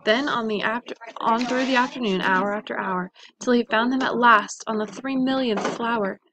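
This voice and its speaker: Gravelly woman reading a rhyming storybook. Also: a little high, moderate pace, a bit bright, slight background noise, poor audio. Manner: rhythmic rhyming delivery. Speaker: teacher reading aloud. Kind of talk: storybook read-aloud.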